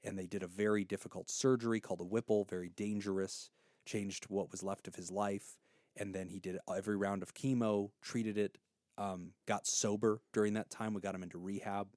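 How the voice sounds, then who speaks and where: A man's voice: on the low side, little pitch movement, brisk, a little mellow, no room sound, studio quality. A man in his thirties hosting an advice podcast, telling stories and giving counsel in an earnest, heartfelt way.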